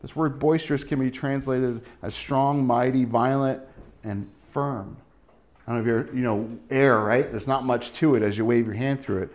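Middle-aged guy preaching, casual and jokey, average pitch, keeps saying right. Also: fairly even intonation, normal speed, darkish tone. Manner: conversational and joking, often asks "right?". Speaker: pastor. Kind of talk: sermon.

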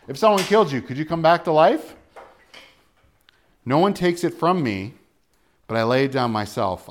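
A man preaching a sermon, asking rhetorical questions and quoting scripture, with loud emphatic bursts and quiet low asides. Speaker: pastor.

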